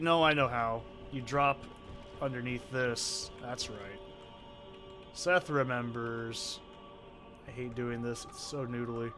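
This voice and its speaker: A man with an Oregon accent rambles through gameplay commentary, drifting off on tangents and swearing freely. His voice sits at an ordinary middle pitch. It is recorded close on a home mic, with soft game music underneath. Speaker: let's play gamer. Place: soundproofed corner at home. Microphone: desk condenser mic with pop filter.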